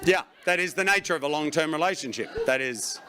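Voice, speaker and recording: A middle-aged man performing a stand-up comedy routine on stage, breaking into loud shouted bursts. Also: fairly high pitch, animated, fairly quick. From Australia. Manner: swings into loud shouted bursts for acted panic. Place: stage before a laughing audience.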